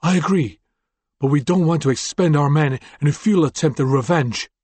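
A man's voice: on the high side, fairly quick, a little mellow, slightly rough, no echo, voice pushed up. A man voicing a cautious, earnest male gang lieutenant in an audiobook. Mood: wary.

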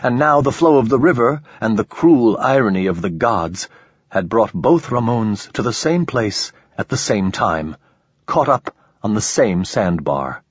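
A man reading a novel aloud as an audiobook narrator, in a measured, even storytelling manner. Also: lowish voice, husky, dry recording, dull audio. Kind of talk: scripted narration.

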